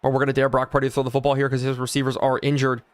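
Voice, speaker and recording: Man, fast-paced, live game streamer, play-by-play, hyped shouts on big plays, chatting with viewers, mid-pitched voice. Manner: excited yelling on big plays. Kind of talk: live gameplay commentary.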